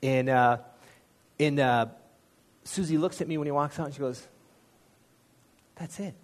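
Man, mid-pitched, sharing his faith story from the pulpit; earnest, chatty, pokes fun at himself. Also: fairly even intonation, normal speed. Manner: earnest, conversational storytelling with self-deprecating asides. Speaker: church speaker sharing a testimony. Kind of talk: personal testimony in a sermon.

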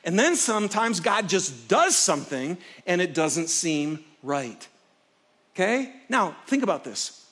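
A middle-aged male pastor delivering a sermon to a live congregation, his voice sitting noticeably high for a man. He tells stories vividly, rising loud and animated, then dropping to near-hushed intensity to drive a point home. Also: measured pace, slightly rough. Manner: expressive storyteller, swings from loud excitement to hushed intensity. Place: stage before a live congregation.

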